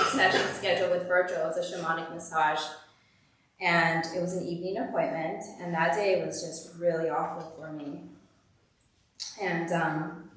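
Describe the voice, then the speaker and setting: A woman's voice: lowish voice, a little hiss or hum. A woman giving a candid, conversational personal testimony as guest speaker at a church service. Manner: candid, conversational, uses "like" often. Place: church hall. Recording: echoey hall from far off.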